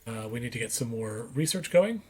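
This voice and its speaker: A man's voice: medium pitch, expressive, fairly quick, a little mellow, slight background noise. A man doing casual gameplay commentary, reading on-screen text aloud and correcting himself as he goes. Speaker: let's play gamer.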